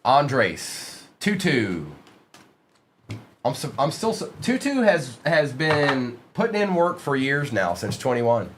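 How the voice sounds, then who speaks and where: Lively male card break host. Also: mid-range voice, slow, noisy background. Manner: rattles off player names, chats with viewers. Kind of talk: live-stream card break commentary.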